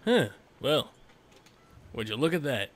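A man's voice: medium pitch, big pitch swings, measured pace. A man hosting a casual gaming session, joking and teasing his friends over voice chat while they play poker. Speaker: gaming channel host.

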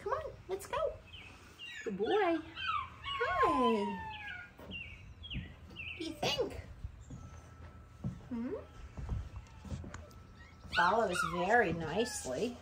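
High sing-song woman cooing to a puppy. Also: huge pitch swings, drawn-out words, pauses often. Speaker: dog breeder evaluating a puppy. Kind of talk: casual running commentary to camera and a puppy. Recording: noisy background.

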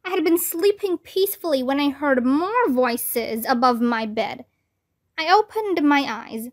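High, lively woman reading a kids' book. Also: measured pace. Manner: expressive narration in a boy's first person. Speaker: storybook reader. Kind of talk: reading a children's book aloud.

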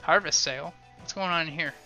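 A man's voice: a little high, brisk, bright, forceful tone, soft background music. A man casually playing through a game, reading its dialogue aloud in a wry, offhand way. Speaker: let's play gamer. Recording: slightly dull lo-fi sound.

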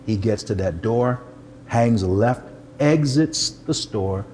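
An older man, a pastor, telling a personal testimony in an animated, humorous way and poking fun at himself. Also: medium pitch, slow, a little hiss or hum. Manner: animated, humorous, self-deprecating storyteller.

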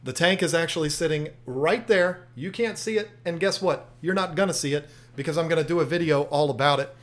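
A man's voice: a little high, fairly quick. A man hosting an aquarium channel, telling a story in casual chat, often restarting and repeating himself.

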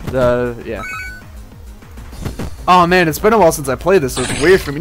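A man casually commenting on his gameplay, rambling and excitable, swearing at enemies. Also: mid-range voice, normal speed, long pauses. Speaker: gaming channel host. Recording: faint game music behind. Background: game music.

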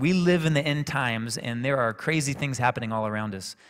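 A man preaching a sermon, telling a personal story in a calm, conversational way. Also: medium pitch, brisk. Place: church sanctuary. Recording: echoey church hall reverb.

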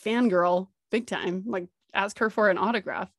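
Woman, podcast host, excitable storytelling, gushing, mid-pitched voice, dry close sound. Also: normal speed, dry recording. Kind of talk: personal storytelling monologue.

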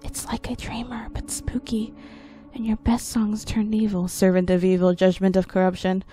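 A woman's voice: mid-range voice, flat delivery, fairly quick, mellow, natural voice. A woman voicing an eerie young girl who half-whispers spooky secrets in a creepy story.

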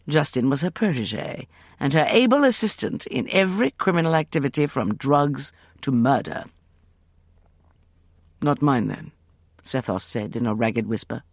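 A man narrates a novel with measured, deliberate storytelling. His voice is gravelly, a little high for a man, and moves through a wide, lively pitch range. The recording is dry and close. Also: dry recording. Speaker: audiobook narrator. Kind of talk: scripted audiobook narration.

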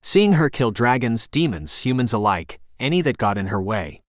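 A man reading a first-person fantasy audiobook in a measured, dramatic storytelling manner. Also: mid-range voice, sing-song, no echo, clean studio sound. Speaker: audiobook narrator.

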